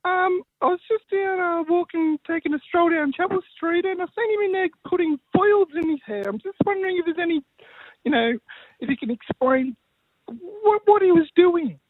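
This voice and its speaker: Man doing a giggly woman caller, very high pitch, hesitant ums, muffled phone sound. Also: lively intonation, normal speed, dry recording. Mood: teasing. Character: chatty woman caller, a prank put-on. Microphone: phone call.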